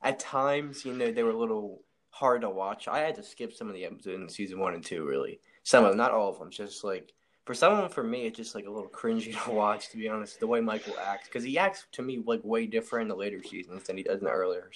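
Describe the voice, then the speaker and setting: A teenage man co-hosting a casual podcast, rambling and hesitant and quick to laugh. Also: on the low side, slight background noise. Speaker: podcast co-host. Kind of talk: casual chat.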